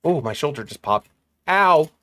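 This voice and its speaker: A man's voice: fairly high pitch, expressive, normal speed, a bit bright, dry recording. A man streaming games, chatting casually, swearing freely and laughing in disbelief. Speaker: gaming streamer.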